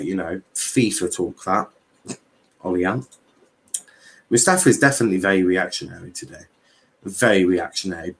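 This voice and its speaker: A young man hosting a casual football livestream, bantering with chat, swearing and reading transfer news aloud. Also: medium pitch.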